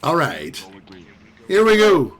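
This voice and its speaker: A man hosting a comedy talent show, loudly hyping the crowd between acts. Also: a little high, huge pitch swings, slow. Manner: loud, hyped crowd pumping. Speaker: show host.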